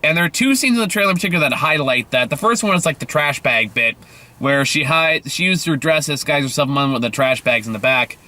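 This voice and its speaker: A man giving a casual, rambling movie review, sarcastic and quick to swear. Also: on the high side, expressive, pushed and bright. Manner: sarcastic, swears freely, mocks dialogue; loose and rambling with many fillers.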